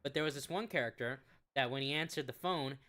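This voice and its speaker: A man's voice: mid-range voice, fast talker, sharp tone. A man co-hosting a casual reaction stream, joking and bantering about online drama. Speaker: co-host reacting to clips.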